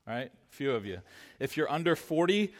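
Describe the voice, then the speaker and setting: Male pastor mid-sermon, high-pitched, emphatic, repeats for stress, reverberant sanctuary. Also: big pitch swings. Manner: emphatic, repeats key phrases, slows to stress words.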